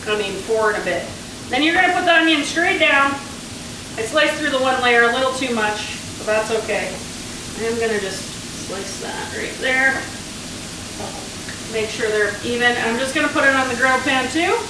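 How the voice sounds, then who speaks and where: A woman's voice: fairly high pitch, moderate pace. A woman from Canada chatting casually through a home cooking vlog, full of rambling asides while she cooks. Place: home kitchen. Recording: very echoey kitchen, mic far off, frying noise. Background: food sizzling on a grill pan.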